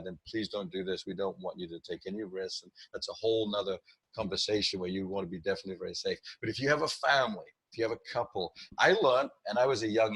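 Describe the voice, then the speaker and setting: A middle-aged man with a low, husky voice, coaching as a guest on a podcast. He talks in an animated way, often restarts his sentences and acts out what clients say. The sound is dry and close. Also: dry recording. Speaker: sales trainer guest. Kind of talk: podcast interview.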